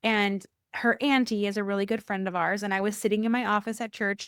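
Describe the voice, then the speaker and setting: Animated woman telling a faith story. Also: a little fast, few pauses, clear, resonant tone, no echo, studio quality. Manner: animated, acts out quoted dialogue with rising pitch; repeats phrases for emphasis. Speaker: podcast guest sharing a faith story; church worker. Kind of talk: personal storytelling in a podcast interview.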